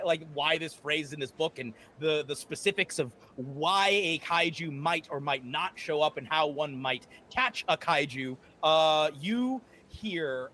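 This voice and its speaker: A man narrating as game master of a tabletop game, lively, with frequent fillers and laughs. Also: a little high. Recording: faint background noise.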